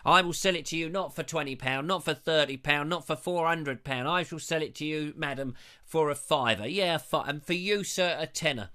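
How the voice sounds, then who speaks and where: A man's voice: a little high, normal speed. A man doing a brash market-stall hawker. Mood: hustling. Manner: loud sales patter, haggling down prices. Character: brash male street-market hawker selling gadgets.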